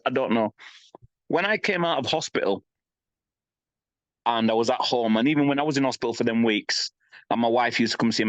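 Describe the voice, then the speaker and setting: A man's voice: medium pitch, fairly bright tone, dry recording. A man in his fifties, a guest on a podcast, talking candidly in a blunt, emphatic way and often asking "you know what I mean". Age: 50s. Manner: blunt, emphatic, swears freely. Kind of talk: candid interview talk. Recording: slightly dull lo-fi sound.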